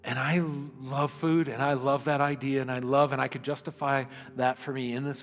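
A man's voice: medium pitch, level tone, moderate pace, hardly any pauses. Earnest male pastor in a reverberant hall. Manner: earnest, builds to emphatic peaks, drops to hushed prayer. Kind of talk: sermon. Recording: long hall reverb with faint music.

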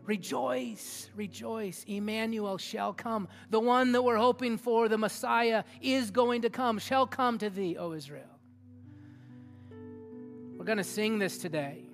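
A man preaching a sermon as a youth pastor in a church hall, energetic and interactive, often asking the audience questions. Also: high-pitched, a little slow, pauses often. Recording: long hall reverb with faint music.

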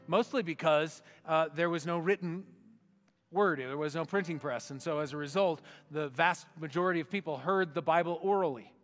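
A man preaching a sermon as pastor, reading slowly and meditatively and sinking to a hushed voice, in a church sanctuary. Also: on the high side. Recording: long hall reverb with faint music.

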